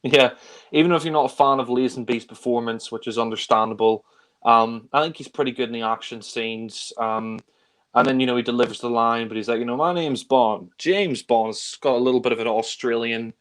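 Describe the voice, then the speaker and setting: Brisk and fairly bright in tone, a mid-pitched male co-host chats casually with friends, rambling happily about films he loves. His pitch barely moves.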